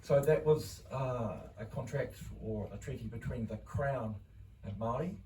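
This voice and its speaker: Nz guy talking at a public meeting, measured with lots of ums, roomy hall, mic a bit far off. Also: medium pitch, mellow, slight background noise. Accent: New Zealand. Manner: measured, hesitant with fillers.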